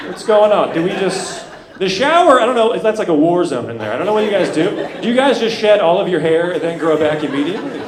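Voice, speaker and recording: A man of thirty doing a stand-up comedy set, swinging between loud outbursts and low muttered asides. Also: lively intonation, fast, crowd noise. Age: 30s. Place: comedy club stage. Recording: echoey club with loud room noise.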